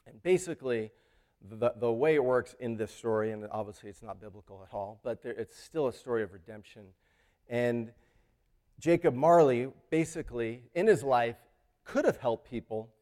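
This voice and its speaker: A man's voice: medium pitch, darkish tone. A man who teaches school, talking earnestly about a story's theme, often repeating words and restarting sentences. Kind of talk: reflective talk on a story's theme.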